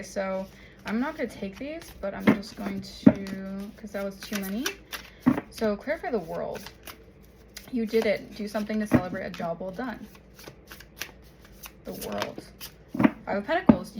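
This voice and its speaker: Over heavy background noise, a woman with a mid-range voice gives a casual tarot reading. She chats as she goes, checking in with "okay?" and "all right?" after her points.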